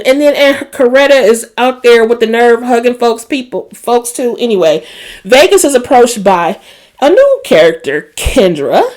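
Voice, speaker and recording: A woman hosting a casual TV episode recap, chatty and emotional, with a Black lilt. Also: a little high. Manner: chatty and animated, emotional asides. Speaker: recap host.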